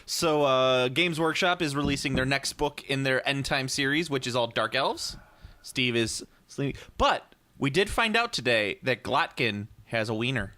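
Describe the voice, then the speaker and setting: Bright, animated man podcast host. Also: medium pitch, measured pace. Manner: rambling, cussing, with fillers. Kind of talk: casual banter.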